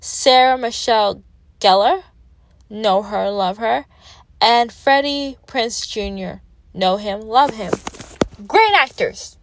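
This young vlogger speaks with a Canadian accent, reviewing a movie from her parked car in a chatty, emphatic style with self-deprecating humor. Her voice sits on the high side, animated, taking it slowly, with a little hiss or hum behind it.

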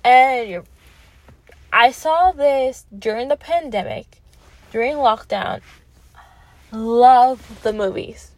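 A woman's voice: fairly high pitch, takes it slowly, pauses often, dry recording, lo-fi sound. Woman, Canadian accent, casual vlog talk, emphatic, recorded in a car, dry close sound. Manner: chatty and emphatic, self-deprecating. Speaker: vlogger. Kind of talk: casual movie review vlog. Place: parked car.

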